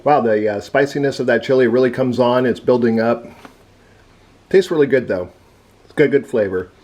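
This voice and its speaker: A man's voice: mid-range voice, moderate pace, darkish tone. A man giving a casual taste-test review, chewing and talking with his mouth full. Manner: chews and talks with mouth full. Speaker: food reviewer.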